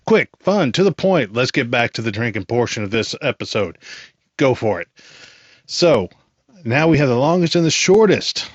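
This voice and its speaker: A man talks his way through a casual solo podcast in a middle-range voice. He rambles, full of animated asides. The recording is dry and a little dull, with a lo-fi edge. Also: medium pitch, no room sound. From United States. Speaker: podcast host.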